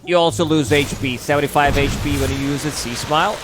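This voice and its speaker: A man giving measured, analytical color commentary on an esports match. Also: a little high, steady tone. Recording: music playing underneath.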